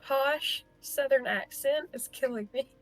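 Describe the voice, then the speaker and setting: A woman's voice: sits high, a little slow, no room sound, faint music behind, poor audio. A woman player chatting at the table, amused and chatty.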